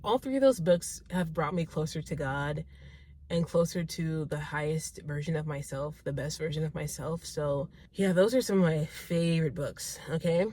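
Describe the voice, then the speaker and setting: Young woman, casual vlog, rambly and warm-hearted chat, lowish voice, close dry mic. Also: normal speed, dry recording. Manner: chatty, rambling, self-correcting, enthusiastic. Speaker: vlogger answering viewer questions. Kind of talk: casual talking-to-camera vlog.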